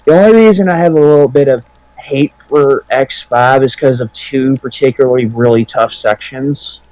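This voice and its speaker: A man talks over a let's play in a loose, filler-packed ramble, cursing freely. His voice sits at an ordinary middle pitch. The sound is close and dry with no room echo. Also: moderate pace, a little mellow, highs cut off. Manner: rambling, filler-heavy, profane. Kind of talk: casual gaming chat.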